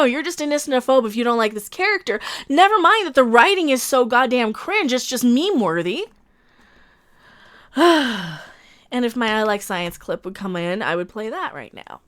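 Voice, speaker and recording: A woman's voice: high voice, fairly bright tone. A woman hosting a livestream reaction, rambling in a casual emotional rant, with many restarts and laughs between points.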